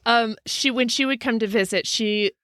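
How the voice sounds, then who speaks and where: A woman co-hosting a podcast in casual chat, giggly and animated, acting out the voices of people in her stories while recording in a closet. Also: on the high side, normal speed, no echo, clean studio sound. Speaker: podcast co-host. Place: closet with laundry.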